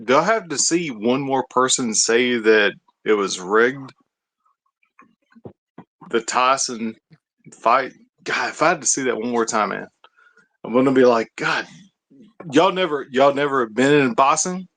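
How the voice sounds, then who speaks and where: A man calling into a show, loud and excited, rambling in slang. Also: mid-range voice, low-quality recording. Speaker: caller. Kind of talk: casual call-in chat.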